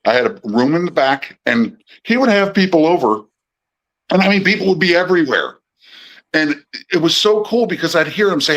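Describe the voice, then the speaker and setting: A man's voice: a little high, expressive, moderate pace, a bit bright, low-quality recording. A middle-aged man, a podcast guest, telling long casual stories with many restarts and acted-out quotes. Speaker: podcast guest, former personal assistant to musicians. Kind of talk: casual storytelling interview.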